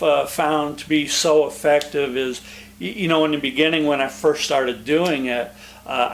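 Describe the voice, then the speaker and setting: A man teaches meditation in a gentle, reassuring voice, pausing often as he speaks. His voice sits a little high for a man, and his pace is very slow. A faint hum runs underneath. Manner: slow, soft-spoken, reassuring, with pauses and restarts. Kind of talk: gentle meditation talk to camera.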